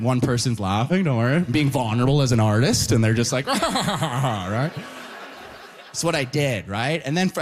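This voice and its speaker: A man performing a stand-up set at a live show, animated and tacking "right?" onto his lines while acting out characters. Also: medium pitch. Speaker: stand-up comedian.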